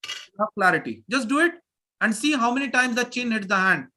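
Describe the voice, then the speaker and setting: A man teaching pronunciation to a live online class over a video call. His voice is bright and sharp, and his pitch swings widely as he repeats phrases with energy to drill the students. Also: expressive, brisk, slight background noise.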